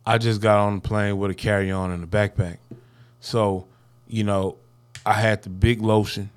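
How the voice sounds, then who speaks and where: Slangy, animated man. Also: lowish voice, normal speed, clear, resonant tone. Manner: animated, slangy, laughs often. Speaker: podcast co-host. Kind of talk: casual chat. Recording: hum of an air conditioner in his mic.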